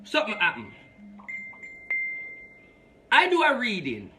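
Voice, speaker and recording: A man's voice: high-pitched, wildly swooping pitch, takes it slowly, noisy background. A man, a spiritual advisor hosting a live reading show, talking emphatically and preachily as he mixes patois with English.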